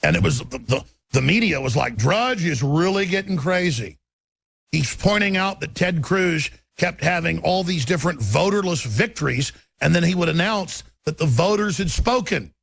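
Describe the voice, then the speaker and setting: A man's voice: on the high side, lively intonation, normal speed, gravelly, few pauses, fairly bright tone, breathy edge, no echo. A middle-aged man, hosting a political talk radio show in an intense, ranting, emphatic way. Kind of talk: political commentary broadcast.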